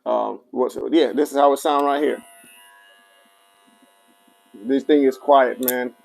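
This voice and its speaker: A man's voice: medium pitch, steady tone, a little slow, creaky, darkish tone, rough recording. Chatty livestream seller, a man, answering comments while he demos gear. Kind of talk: casual product demo livestream.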